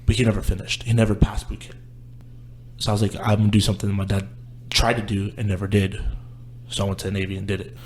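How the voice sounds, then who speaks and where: A man's voice: fairly low pitch, little pitch movement, fast, long pauses, darkish tone, a little hiss or hum. A young man, a guest on a casual podcast, telling his life story in a candid, rambling way. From Houston, Texas. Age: young adult.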